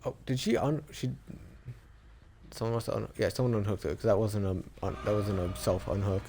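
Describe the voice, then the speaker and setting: A man's voice: lowish voice, fairly quick. Man streaming a game, talking to himself. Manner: talking to himself and to other players, stop-start and chatty. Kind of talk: live gameplay commentary.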